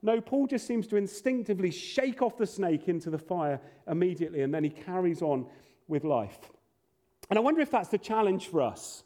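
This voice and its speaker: A man's voice: high voice, mellow. A man preaching a sermon as pastor, earnest with playful asides.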